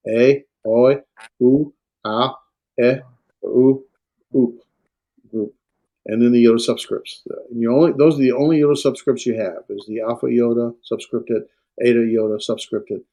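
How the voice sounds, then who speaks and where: A man lecturing on Greek to a class, halting and full of fillers and self-corrections. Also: mid-range voice, a little mellow. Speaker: Greek instructor.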